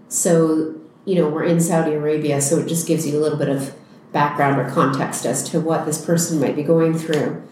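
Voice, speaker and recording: A woman teacher telling a story in a reflective, unhurried way. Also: low-pitched, steady tone, warm tone, slight background noise. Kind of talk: storytelling in a conversation. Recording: very echoey room.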